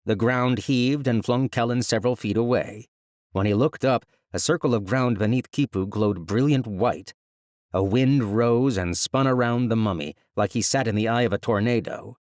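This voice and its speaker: A man narrating a fantasy audiobook in a measured, even storytelling manner, recorded close on a studio mic. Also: mid-range voice, dry recording.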